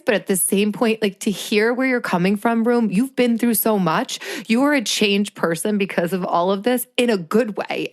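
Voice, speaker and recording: A woman's voice: medium pitch, no echo. A woman in her thirties, co-hosting a podcast in casual, heartfelt chat, earnest and moved close to tears. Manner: emotional, earnest, laughs through tears. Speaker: podcast co-host. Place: small indoor room.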